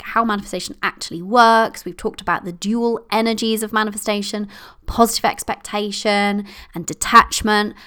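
A woman hosting her own podcast, bubbly and playful, going sing-songy when she gets excited. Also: a little high, smooth. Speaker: podcast host and success coach. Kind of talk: solo podcast talk.

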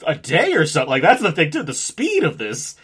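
A man in his thirties leads a relaxed movie discussion as host. His voice rises and falls a great deal as he jumps into acted-out quotes and breaks into frequent laughter. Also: a little high, brisk, slightly rough. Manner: animated, laughs often, acts out quotes. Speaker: podcast host. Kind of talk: casual film discussion.

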